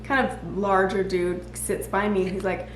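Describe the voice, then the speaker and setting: A woman telling stories in a casual chat, animated and laughing often as she talks. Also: mid-range voice, normal speed. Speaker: guest. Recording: echoey room with faint background noise.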